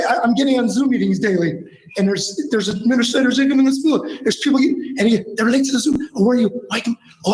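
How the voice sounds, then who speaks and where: A man in his fifties from Michigan, a longtime teacher and coach, gives an emotional, rambling public comment at a school board meeting. His voice is very high-pitched with a darkish tone, echoing through the large meeting room.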